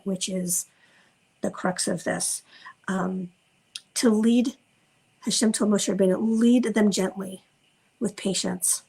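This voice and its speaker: A woman parenting coach giving an informal teaching talk, gentle and reflective, slowing down to stress key words. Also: medium pitch, gravelly, slightly rough, poor audio. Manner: gentle, reflective, slows down for emphasis.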